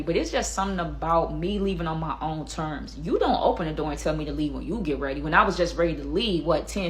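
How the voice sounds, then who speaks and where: A young woman telling a personal story in a casual vlog, animated and talking straight to her viewers. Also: low voice, husky. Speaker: storyteller vlogger.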